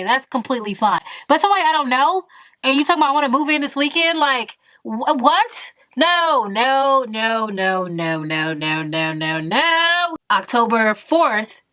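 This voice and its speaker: A woman in her twenties telling a story in a vlog, animated and emphatic, full of exasperation. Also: fairly high pitch, no room sound. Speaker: vlogger.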